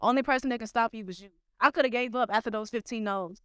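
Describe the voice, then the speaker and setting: A young woman from the United States, a brand founder, telling an emotional, animated personal story to a live audience. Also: fairly high pitch, quick pace, smooth, no room sound, clean studio sound. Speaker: panel guest, clothing brand founder.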